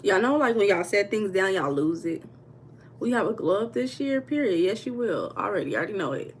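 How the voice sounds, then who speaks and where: A woman from the United States chatting casually with viewers on a tarot livestream from home, reading their comments aloud in relaxed slang. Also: medium pitch, a little fast, slight background noise. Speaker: tarot reader streaming live. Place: home room.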